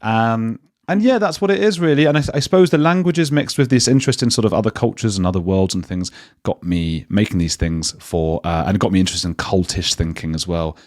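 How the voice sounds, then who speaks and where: A British man, a journalist and podcaster, talking as a guest in a casual interview, animated and self-deprecating, often restarting his sentences. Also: lowish voice, brisk, dry recording, clean studio sound. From Britain.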